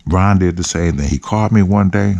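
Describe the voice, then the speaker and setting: A man hosting his own show, telling profane, animated stories and acting out other people's voices. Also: low-pitched, fairly quick, gravelly, no echo, lo-fi sound. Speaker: host. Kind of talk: casual storytelling.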